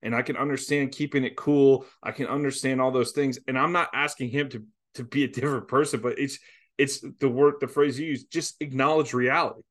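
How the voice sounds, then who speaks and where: A man co-hosting a football podcast in casual chat, measured and agreeable as he adds his own point. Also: medium pitch, fairly even intonation, fairly bright tone. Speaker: co-host of a college football podcast. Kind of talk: casual sports talk.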